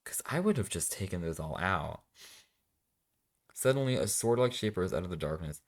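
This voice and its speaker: Deep-voiced man snarking through a fanfic. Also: moderate pace. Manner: sarcastic, deadpan asides between dramatic readings. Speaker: reaction video host. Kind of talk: comedic fanfic reading with commentary.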